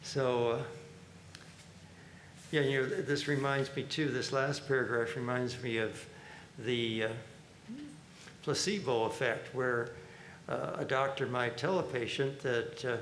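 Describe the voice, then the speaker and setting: A man's voice: medium pitch, a little slow. A man leading a spiritual reading group, commenting casually with chuckles and frequent fillers. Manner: relaxed, chuckling, hesitant with fillers. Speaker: monk leading a reading and discussion. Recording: roomy echo, faint background noise.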